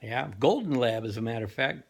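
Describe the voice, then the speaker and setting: A man's voice: medium pitch, animated, a little fast, vocal fry. An older man telling a joke in a rambling, casual way, full of fillers and self-corrections. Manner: rambling, lots of fillers and laughter. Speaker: joke teller.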